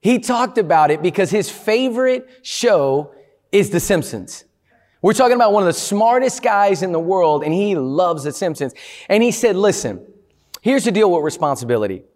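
A man giving a motivational talk to a live audience, energetic and playful, often asking the crowd questions. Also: high-pitched, normal speed. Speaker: motivational speaker.

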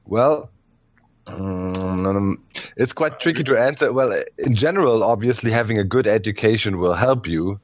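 A man's voice: lowish voice, measured pace, a little hiss or hum. A man on a casual podcast, giving a thoughtful answer to a listener question. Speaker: podcast co-host.

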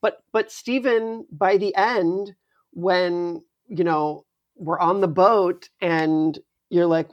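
Podcast co-host, medium pitch, rambling and playful, animated delivery. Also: measured pace, dull audio. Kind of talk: casual discussion of a TV series.

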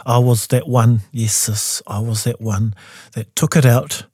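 A man in his forties with a New Zealand accent, a composer guest telling his story in a studio interview and jumping into high voices when he quotes people. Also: fairly even intonation, measured pace, darkish tone, breathy edge, no room sound. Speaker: guest, composer and taonga pūoro player.

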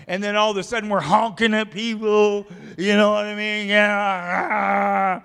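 Man, pastor, sermon, high voice, animated exhorting, long church reverb. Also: measured pace, gravelly, hardly any pauses, clean tone. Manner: animated, exhorting, acts out scenes.

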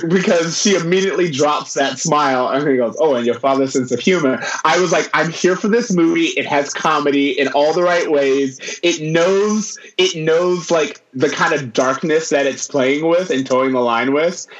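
An enthusiastic man rambling about a movie on a podcast, his voice a little high for a man. The sound is roomy and echoey. The recording is dull and lo-fi. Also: moderate pace, few pauses, slight background noise. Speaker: podcast co-host. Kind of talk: casual movie review chat.

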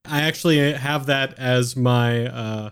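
Relaxed man talking through his turn. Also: medium pitch, takes it slowly, clear, resonant tone. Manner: relaxed, explains rules step by step. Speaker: player. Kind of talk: casual tabletop game chat.

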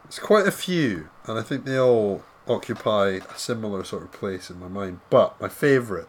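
A man co-hosting a casual podcast chat, trading dry, deadpan quips. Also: fairly low pitch, moderate pace. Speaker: podcast co-host.

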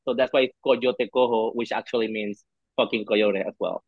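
A man guesting on a casual podcast, chatty and animated, acting out his reactions as he talks. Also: mid-range voice, normal speed, no room sound, narrow, tinny audio. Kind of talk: casual chat.

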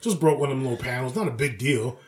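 Animated, profane man telling stories. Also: medium pitch, fast talker, over a noisy crowd. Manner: animated storytelling, profane, acts out coworkers' lines. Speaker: podcast co-host. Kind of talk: casual chat.

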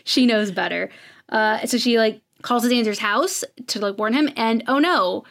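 A woman's voice: fairly high pitch, unhurried, a bit bright. Chatty woman recapping a show. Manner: chatty storytelling, acts out quotes. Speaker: podcast co-host recapping episodes. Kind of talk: casual recap chat.

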